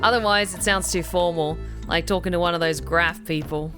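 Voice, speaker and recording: A woman's voice: fairly low pitch, steady tone, brisk, music in the background, close to an everyday voice. A woman with a broad Australian accent voicing a friendly, easygoing himbo half-giant man in a video game, speaking in an unfussy, laid-back drawl.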